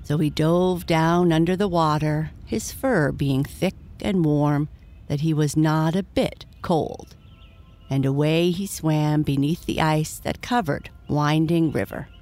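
Low-voiced woman reading a bedtime story. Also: slow, darkish tone.

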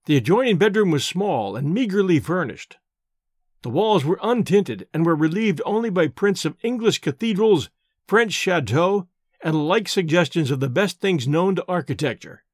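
A man narrating a first-person novel as an audiobook, expressive and storytelling in manner. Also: high-pitched, normal speed, dry recording, clean studio sound.

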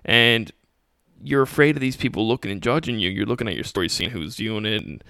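Bright-voiced young man hosting a podcast. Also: medium pitch, sing-song, normal speed, gravelly, no echo, clean studio sound. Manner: casual, motivational, acts out mocking critics in quotes. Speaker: podcast host. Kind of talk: solo Q&A podcast talk.

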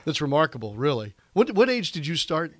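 A man's voice: on the high side, sing-song, brisk. A man hosting a radio sports interview, friendly and easygoing in his questions. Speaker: radio show host.

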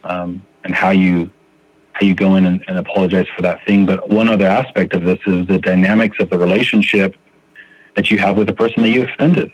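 A man's voice: sits low, fairly even intonation, brisk, highs cut off. A man sharing his recovery story on a podcast, speaking earnestly and restarting his sentences often as he thinks aloud. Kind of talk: reflective recovery podcast talk.

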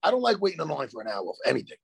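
A man co-hosting a chat show from a hotel room, telling stories in an animated way and swearing freely. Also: on the high side, rapid-fire, gravelly, husky. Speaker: podcast co-host. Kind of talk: casual chat.

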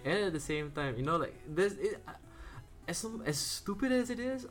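A man's voice: on the high side, sing-song, normal speed, over music. A man co-hosting a podcast in casual, joking chat, often chuckling between lines. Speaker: podcast co-host.

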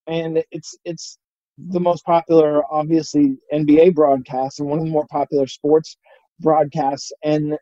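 A middle-aged man hosting a casual interview, speaking haltingly with many restarts. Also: on the high side, flat delivery, warm tone, no room sound, highs cut off. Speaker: podcast host.

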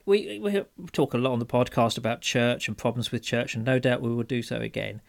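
A man's voice: mid-range voice, a little fast, creaky. A British man co-hosting a podcast in casual chat, earnest and enthusiastic, often repeating words as he starts a thought. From Britain. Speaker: podcast co-host.

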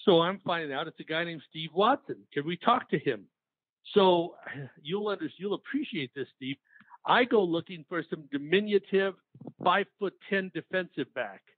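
Male host, chatty anecdote-teller; high voice, thin phone-line sound. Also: moderate pace, no room sound. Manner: chatty, tells his own side anecdote. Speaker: interview host, longtime team media man. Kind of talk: casual interview chat. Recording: dry tinny phone-like sound.

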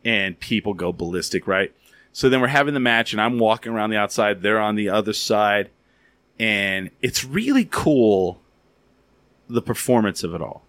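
A man hosting a podcast, telling stories in a casual, animated, rambling way with a lot of filler words. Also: lowish voice, normal speed, dry recording. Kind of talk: casual storytelling and interviewing.

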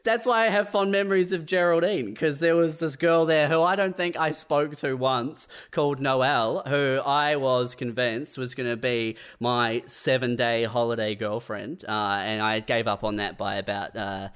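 Male co-host, mid-pitched, dry and relaxed, casual swearer. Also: moderate pace, few pauses, clean tone. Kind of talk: casual comedic chat.

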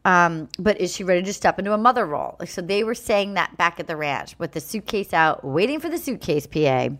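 A woman's voice: on the low side, fairly quick. A woman hosting a casual chat, animatedly retelling a TV episode and acting out quotes. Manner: animated storytelling, acts out quotes. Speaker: podcast host.

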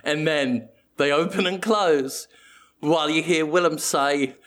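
A man's voice: on the high side, unhurried, a bit bright. A man hosting a comedy podcast, rambling playfully through an absurd improvised story and laughing at his own jokes. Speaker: podcast host.

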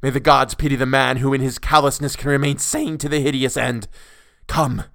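A man's voice: medium pitch, fairly even intonation, brisk, gravelly, a bit bright, dry recording, clean studio sound, voice pushed up. A man voicing a young sailor who has gone mad, crying out in wild, urgent pleas. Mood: frantic.

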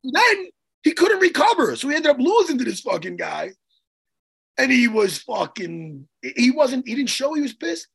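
A man co-hosting a chat show, telling a story in an excitable, profane way with lots of restarts. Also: very high voice, normal speed, gravelly, slightly rough. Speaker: podcast co-host and martial arts coach. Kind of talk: casual chat, animated storytelling.

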